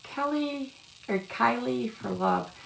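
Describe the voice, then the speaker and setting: A woman's voice: on the high side, lively intonation, takes it slowly, vocal fry, fairly bright tone. A woman giving casual live-stream tarot readings, rambling and calling viewers love and sweetheart. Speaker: tarot reader. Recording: echoey room with faint background noise.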